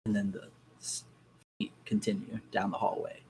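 A young man recounts his ghost encounters in a casual, lively way, jumping into his own frightened reactions as he tells them. His voice sits low. A faint hiss runs under the recording. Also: moderate pace, low-quality recording. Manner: animated storyteller, acts out his own reactions. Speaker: guest. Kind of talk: casual ghost story telling.

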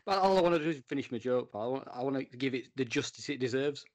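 Guy co-host cracking jokes, bouncy lively voice. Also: mid-range voice, fast. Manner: playful, joking, laughs a lot. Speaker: podcast co-host. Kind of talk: casual podcast banter.

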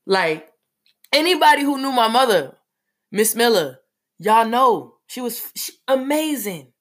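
A woman telling a personal story in a casual, animated way, full of fillers. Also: fairly high pitch, unhurried.

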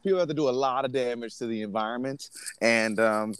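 A man's voice: mid-range voice, brisk, fairly bright tone, clean tone, no room sound. A man co-hosting a podcast in casual chat, earnest and rambling with frequent restarts. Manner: earnest, rambling, self-correcting. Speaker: podcast co-host.

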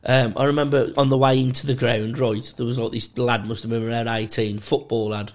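A man's voice: mid-range voice, flat delivery, brisk. A man co-hosting a podcast, telling sweary stories in casual chat and laughing often. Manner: sweary storytelling, laughs a lot. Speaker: podcast co-host.

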